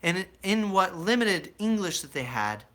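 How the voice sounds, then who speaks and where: Rambling bright-voiced young man telling stories. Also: high-pitched, normal speed. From United States. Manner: rambling, animated storyteller who acts out quoted voices. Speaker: vlogger telling his life story. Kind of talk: casual storytelling to a live chat.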